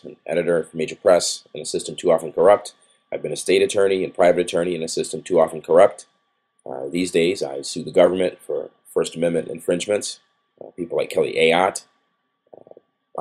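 Gravelly fast-talking man, combative. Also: low voice, a little mellow. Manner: blunt, combative, rapid-fire. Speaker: citizen journalist filming officials. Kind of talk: confrontational documentary narration.

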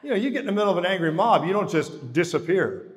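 Male preacher, fairly high voice, animated storyteller who acts out the dialogue, long hall reverb. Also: fast talker. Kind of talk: sermon.

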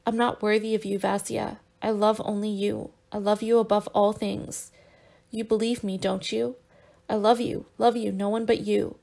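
A woman's voice: medium pitch, flat delivery, moderate pace, gravelly, dark tone, natural voice. A woman voicing an impulsive young man who is emotional and imploring, in an audiobook. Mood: pleading.

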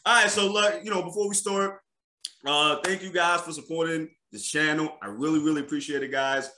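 A man hosting a podcast in casual chat, loud, hyped and slangy, often laughing. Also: on the high side, a little fast, reverberant. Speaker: podcast host.

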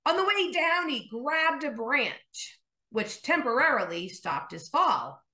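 Slow, lively woman pastor preaching. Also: sits high, reverberant. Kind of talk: storytelling sermon and prayer.

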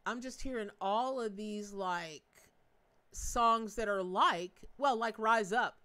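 A middle-aged woman running a live tarot stream. She talks in a bubbly, rambling way, laughs often and drops folksy asides to her viewers. Her voice sits at an ordinary pitch for a woman. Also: slow, sharp tone. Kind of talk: chatty live-stream reading.

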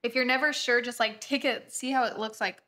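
A woman's voice: fairly high pitch, steady tone, fairly quick, bright, forceful tone. A woman, teaching a watercolor painting tutorial in her home studio and chatting casually as she works. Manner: chatty, easily distracted while painting. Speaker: watercolor instructor.

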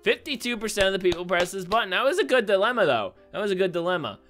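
Young guy rambling thru a quiz game on a desk mic, bright lively voice, laughs a lot, faint music behind. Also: high-pitched, quick pace. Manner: rambling, laughs often, thinks aloud. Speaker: gaming YouTuber. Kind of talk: casual commentary on a web quiz game. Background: faint background music.

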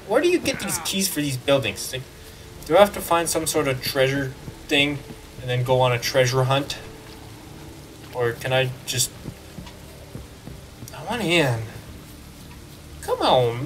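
A man giving casual, excitable commentary while playing a video game, joking and talking back to the game. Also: medium pitch, normal speed, pauses often, recorded from a distance, a little hiss or hum. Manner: excitable, jokey, talks to the game. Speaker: let's play gamer.

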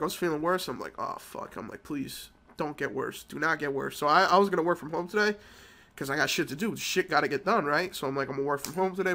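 Male gaming vlogger with a cold, loose profane storyteller, tense bright tone. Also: on the high side. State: sick with a cold. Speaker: mobile game channel host. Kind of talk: casual gameplay commentary.

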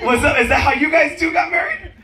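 Brash high-voiced comedian doing crowd work. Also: male voice, quick pace, noisy background. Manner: brash, profane, teasing the audience, laughing often. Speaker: stand-up comedian. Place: cruise ship comedy club. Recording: echoey room, loud crowd laughter. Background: audience laughter.

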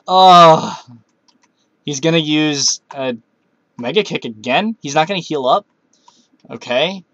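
A man's voice: fairly high pitch, slow pace, pauses often, fairly bright tone, no room sound. A man giving casual commentary while playing a video game, talking to himself and cursing at setbacks. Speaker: Let's Play gamer.

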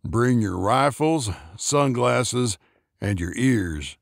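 A man voicing a gruff, short-tempered older man who talks in curt, clipped orders. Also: medium pitch, expressive, very slow, no room sound, studio quality, full character voice.

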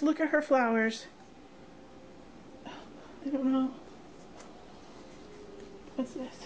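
A woman's voice: sits high, extremely slow, long pauses, a little hiss or hum. A woman vlogger unboxing a gift box, gushing and gasping with delight. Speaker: craft vlogger. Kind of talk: unboxing vlog.

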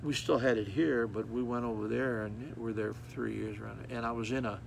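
Gravelly folksy male preacher. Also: mid-range voice, brisk, background noise. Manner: folksy, repetitive, animated storytelling with acted child cries. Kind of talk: sermon.

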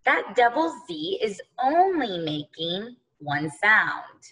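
A woman's voice: mid-range voice, sing-song, slow, sharp tone, rough recording. A woman teaching an early-grade phonics lesson, patiently sounding out words letter by letter and speaking to the children as boys and girls.

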